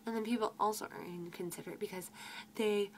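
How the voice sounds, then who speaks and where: A US teenager who runs a grocery register vents sarcastically in a vlog about rude customers, exasperated, cursing freely and mimicking them in mocking voices. Her medium-pitched voice is steady, fairly quick and darkish, and the low-quality audio has a slight hiss or hum.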